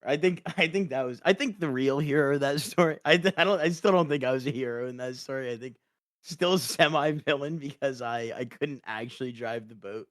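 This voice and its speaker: A young man chatting casually on a podcast, laughing often and poking fun at himself. He restarts his sentences as he goes. His voice is mid-pitched and recorded close and dry. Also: no echo. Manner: laughs often, self-deprecating, halting restarts. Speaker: podcast guest. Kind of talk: casual chat.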